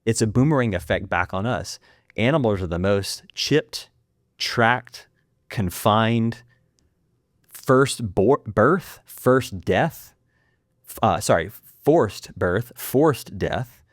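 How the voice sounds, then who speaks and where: A man, a filmmaker guest on a podcast, talking intensely in rapid bursts with frequent restarts. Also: fairly low pitch, expressive, no room sound, clean studio sound. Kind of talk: impassioned podcast interview.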